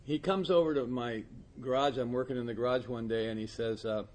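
A man's voice: mid-range voice, fairly even intonation, brisk, darkish tone. A man acting as a recovery sponsor, telling a casual anecdote, laughing often and stumbling over repeated words.

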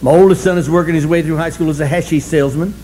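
Older male speaker, higher-pitched, self-mocking storyteller at a recovery meeting, emphatic bursts and low asides. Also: fairly even intonation, very fast, dark tone, a little hiss or hum, rough recording. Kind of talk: humorous storytelling talk.

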